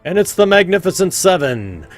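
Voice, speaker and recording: A man voicing a loud, showy male arena announcer who stretches out his calls. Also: high voice, big pitch swings, soft background music, pitched above the performer's own voice. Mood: hyping crowd. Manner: drawn-out showman calls.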